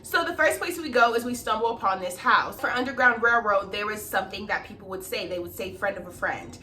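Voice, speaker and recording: Telling a story to camera, a young woman gets animated and swears freely while playing out the people involved. Her voice is a little high and brisk, picked up by a distant mic.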